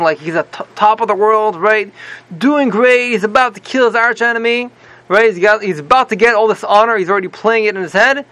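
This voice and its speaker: A male teacher retells a story in a lively, casual class, tagging nearly every sentence with "right?" and restarting often. His voice is high, gravelly and bright. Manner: animated, repeats "right?" constantly, many restarts. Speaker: religious teacher.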